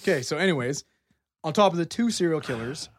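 A man hosting a casual podcast, excitedly presenting his research as he talks and swearing casually. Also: a little high, fast, slight background noise.

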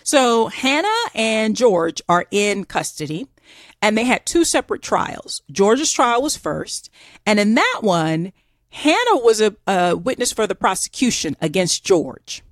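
A woman with a Southern US accent, co-hosting a podcast and telling a story in a chatty, animated way with many fillers. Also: mid-range voice, measured pace, dry recording, studio quality. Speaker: podcast co-host. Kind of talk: casual storytelling chat.

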